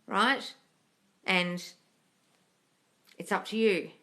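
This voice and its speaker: A woman coaching her viewers on a live stream, speaking in a casual, earnest way. Her voice sits in an ordinary middle pitch. She pushes her points hard and openly shares her own setbacks. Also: very slow, pushed and bright. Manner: earnest, emphatic, confessional. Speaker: manifesting coach hosting a live Q&A.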